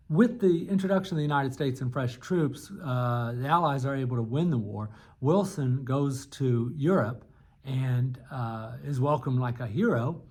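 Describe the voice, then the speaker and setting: A man's voice: mid-range voice, a little mellow. A man teaching a history class in a loose, conversational lecture, with frequent fillers and restarts. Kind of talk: unscripted recorded lecture.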